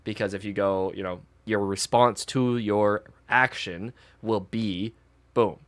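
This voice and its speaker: A low-voiced man co-hosts a relaxed podcast chat. He speaks earnestly, and his voice often drops away as he trails into quieter asides. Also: slow pace. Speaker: podcast co-host, teacher and soccer coach. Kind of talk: casual chat.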